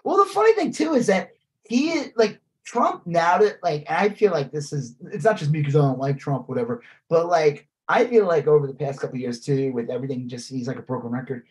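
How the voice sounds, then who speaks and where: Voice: mid-range voice, expressive, fairly quick. A podcast co-host in a casual political chat, ranting animatedly with lots of swearing and filler words.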